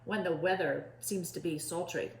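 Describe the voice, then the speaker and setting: A woman doing a prim, high-voiced sailor. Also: normal speed, roomy sound, close to an everyday voice. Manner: proper, fancy wording. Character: prim, well-spoken young male sailors.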